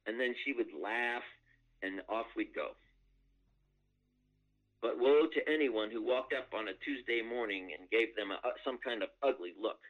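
A man's voice: mid-range voice, a bit bright. Male priest telling a sermon story. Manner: storytelling, measured with pauses. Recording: dull lo-fi recording.

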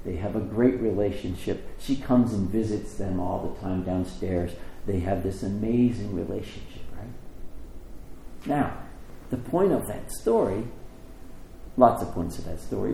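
A man preaching a sermon, telling a story and acting out the quotes with lively rises in his voice. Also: a little slow, vocal fry, a little hiss or hum. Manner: animated storytelling, acting out quotes with rising pitch. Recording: echoey room with faint ambience.

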